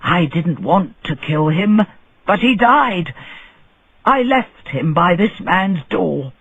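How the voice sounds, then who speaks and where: A man voicing an old male bird seller who shouts at a thief and then pleads before a judge. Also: high-pitched, sing-song, takes it slowly, gravelly, husky, no echo, phone-quality sound, heavily acted. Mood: pleading.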